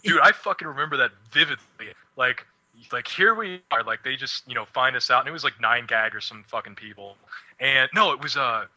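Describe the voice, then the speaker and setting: Young guy on a radio chat show, super bright voice, swears a lot, laughs a bunch. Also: mid-range voice, lively intonation, fairly quick, dull audio. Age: young adult. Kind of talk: casual chat.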